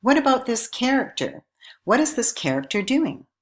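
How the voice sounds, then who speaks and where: A woman giving a recorded lesson, speaking in a clear, measured teacherly way and putting questions to the viewer. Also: a little high, sing-song. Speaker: instructor.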